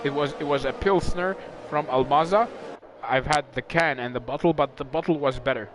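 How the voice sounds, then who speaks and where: A man commentating a sim racing league live, excitable and rambling, stumbling over words when excited. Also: on the high side, normal speed, slight background noise.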